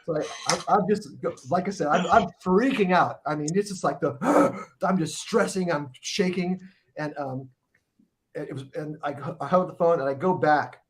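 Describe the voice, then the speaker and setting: Slightly high-voiced man telling a rambling story. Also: moderate pace. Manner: rambling, profane, restarts often. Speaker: guest musician telling a tour story. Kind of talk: casual storytelling in a podcast chat.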